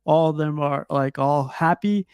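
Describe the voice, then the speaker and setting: A man hosting a casual movie review chat, talking loosely with plenty of "like" fillers and quick laughs. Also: on the high side, darkish tone, clear, resonant tone, dry recording, studio quality. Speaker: host of a movie review show.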